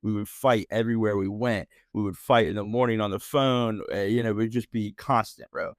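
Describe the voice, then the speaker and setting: Speaking fairly quickly in a steady, lowish voice, an American man in his thirties hosts a podcast and recounts a personal story. He rambles casually, swearing, using heavy slang, and breaking into mockery, all captured in studio quality with no room sound.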